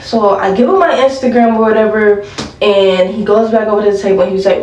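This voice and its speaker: A woman's voice: medium pitch, steady tone, fast, darkish tone, distant mic, slight background noise. Chatty young woman, roomy sound. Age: young adult. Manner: chatty, laughing asides, addresses viewers as y'all. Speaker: vlogger. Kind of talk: casual storytime chat while doing makeup.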